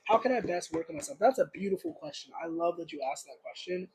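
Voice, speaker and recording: A man's voice: fairly high pitch, brisk, hardly any pauses, a little mellow, slight background noise, low-quality recording. A young man giving a casual livestream tarot reading, rambling and searching for words with lots of fillers. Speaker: tarot reader.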